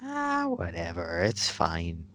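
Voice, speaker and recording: Teasing man with a lively low voice. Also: slow pace. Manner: teasing, sarcastic. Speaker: podcast co-host. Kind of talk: casual chat.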